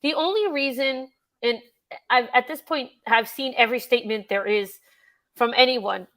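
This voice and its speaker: A woman's voice: fairly high pitch, moderate pace, a bit bright. A woman hosting a casual true-crime livestream, chatting with a guest, reading out chat and swearing freely. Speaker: livestream host.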